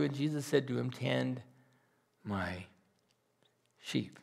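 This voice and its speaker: This man's voice is on the high side, with vocal fry and a moderate pace. Preaching a sermon as a pastor, he sounds earnest and pleading, alternating between loud rises and soft, almost whispered drops.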